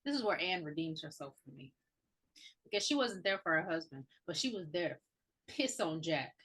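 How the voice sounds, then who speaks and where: A woman's voice: sits low, animated, normal speed, breathy edge. A woman co-hosting a podcast, trading blunt jokes and profane banter about a horror movie. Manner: blunt, joking banter with loud bursts. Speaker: podcast co-host. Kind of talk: casual movie recap.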